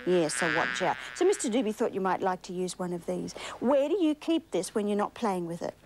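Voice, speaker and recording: A woman's voice: lowish voice, sing-song, fairly quick, a little mellow, a little hiss or hum, rough recording. An Australian woman hosting a children's TV show, coaxing and sing-song, full of tag questions for young viewers. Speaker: children's TV host.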